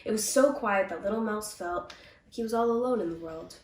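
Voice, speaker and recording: A woman reads a children's storybook aloud, gentle and expressive, in a mid-range voice. The recording is roomy and she sits back from the mic. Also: medium pitch, fairly quick, distant mic, slight background noise. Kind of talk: storybook reading. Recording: echoey, from off the mic.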